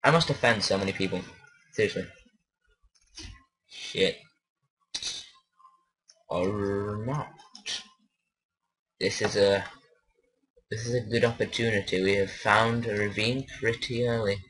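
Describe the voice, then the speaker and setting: A man's voice: on the low side, fairly even intonation, takes it slowly, pauses often, fairly bright tone, slight background noise. A man giving rambling, self-conscious commentary while playing a game, often losing his train of thought. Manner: rambling, mumbling, unsure of himself. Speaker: let's play host.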